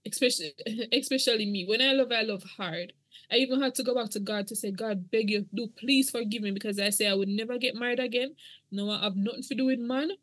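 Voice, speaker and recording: A woman's voice: on the high side, fairly bright tone, no room sound. A middle-aged woman, earnestly telling her own story as a podcast guest. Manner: earnest, emotional, church-toned. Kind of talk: podcast interview testimony.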